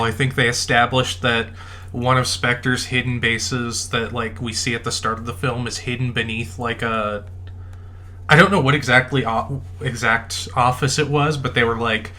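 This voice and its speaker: A man's voice: medium pitch, flat delivery, unhurried, bright, forceful tone. A man co-hosting a casual film podcast, talking hesitantly with many fillers. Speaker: podcast co-host.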